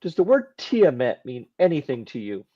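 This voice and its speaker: A man narrating a tabletop game as game master, calm and dry-humored, on a dull lo-fi recording. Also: medium pitch, moderate pace, no room sound.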